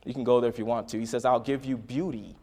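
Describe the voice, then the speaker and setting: A man preaching a sermon, swinging between quiet, intimate lines and loud, dramatic bursts as he acts out a story. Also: mid-range voice, steady tone, fast, creaky. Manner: dramatic swings from soft to loud, acting out voices.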